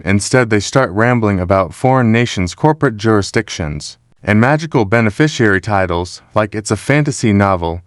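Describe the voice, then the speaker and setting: A man narrates in a mocking, dramatic scripted style. His voice is low and the recording is dry and close. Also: no echo. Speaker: commentator.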